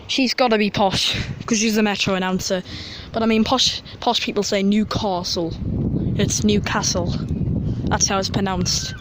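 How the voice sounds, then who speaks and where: A man's voice: high voice, normal speed. Chatty man vlogging on a platform. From North East England. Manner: chatty, rambling, excitable about train details. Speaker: transport vlogger. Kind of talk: casual walk-and-talk vlog commentary. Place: outdoor metro station platform. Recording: noisy outdoor station sound.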